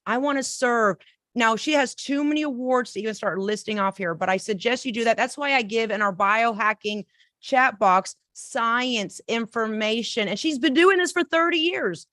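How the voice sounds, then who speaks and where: Upbeat woman coach hosting a live show, higher voice, effusive delivery, dry close sound. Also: fairly bright tone, no echo. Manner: enthusiastic and effusive, fast bursts. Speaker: podcast host and coach. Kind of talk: casual live-stream chat.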